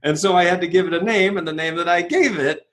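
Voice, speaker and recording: A man's voice: high-pitched, fast talker, fairly bright tone. A man being interviewed as a guest speaker, telling his story energetically, acting out quoted voices and often asking "right?".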